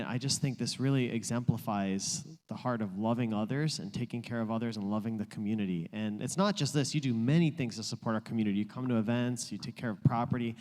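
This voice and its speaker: A man hosting an interview, asking earnest, measured questions and thanking a guest for the community. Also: lowish voice, darkish tone, in a large hall. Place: community office room.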